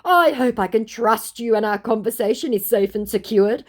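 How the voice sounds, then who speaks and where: Brief: woman playing a male celebrity-impersonating scammer, high, broken English, insistent. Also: normal speed, lightly acted. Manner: broken English, repetitive reassurances. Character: male online scammer posing as a celebrity, pushy and flattering.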